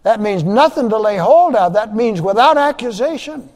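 A man preaching a sermon with emphatic repetition, his voice swelling and falling in loudness as he drives each point home. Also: high-pitched, animated, moderate pace, big-room sound. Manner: emphatic preaching, repeats phrases, rising and dropping loudness. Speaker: pastor.

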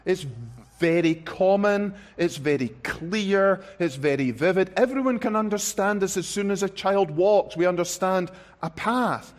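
Slow, emphatic high-voiced male preacher. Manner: slow, emphatic preaching with words stressed one by one; repeats phrases for effect. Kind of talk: sermon.

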